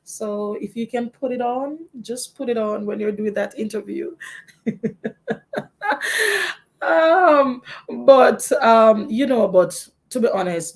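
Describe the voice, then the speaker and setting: A Jamaican woman hosts a live question-and-answer session as a teacher. She answers viewers directly with frank, encouraging advice and often restarts sentences mid-thought. Her voice sits in an ordinary middle pitch for a woman. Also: a little mellow.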